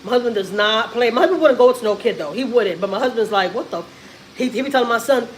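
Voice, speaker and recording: A mother in her thirties from Texas, vents on a casual livestream. She talks in an animated, unfiltered way and cusses freely. Her voice sits fairly high over a faint background hum. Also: fast, low-quality recording. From Houston, Texas. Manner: animated, frequent cussing and laughing. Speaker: vlogger and mother.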